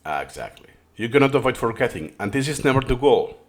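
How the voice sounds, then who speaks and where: A course host with a mid-range, sing-song voice speaks fast as he explains a study method in a reaction-style lesson, restarting his sentences often. English is his third language, not his first.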